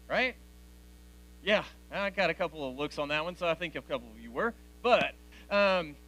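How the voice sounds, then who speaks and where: A man's voice: sits high, sharp tone. A man in his forties giving a direct, conversational youth sermon to teenagers in a church hall. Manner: direct, conversational, addresses teens as guys. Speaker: youth speaker.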